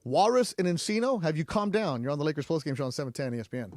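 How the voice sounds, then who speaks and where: Animated man hosting sports radio, dry studio sound. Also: fairly high pitch, very fast, dry recording. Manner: animated, rhetorical, punchy. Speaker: radio show host. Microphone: studio microphone.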